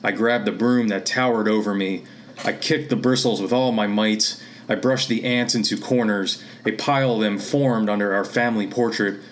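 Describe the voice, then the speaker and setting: A man from Pennsylvania reading his own literary fiction aloud in a steady, measured way. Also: lowish voice. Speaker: author and reader.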